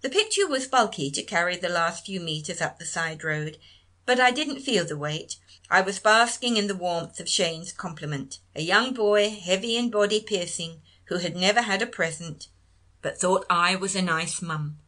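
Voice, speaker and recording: A middle-aged woman, reading her own memoir story in a wry, gently humorous manner. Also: on the low side, expressive, normal speed. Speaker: narrator.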